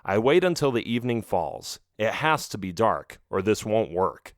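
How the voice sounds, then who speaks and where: A man's voice: fairly low pitch, sing-song, moderate pace, no echo. A man narrating a children's audiobook in the first person, reading expressively into a close mic.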